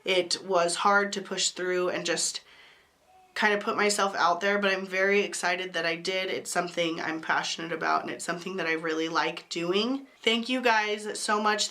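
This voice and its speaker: A woman's voice: lowish voice, bright, forceful tone. A woman reviewing makeup to camera in a chatty, enthusiastic way, her voice sick from a cold. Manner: chatty and enthusiastic, apologetic asides. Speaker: beauty YouTuber. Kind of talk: casual to-camera product review.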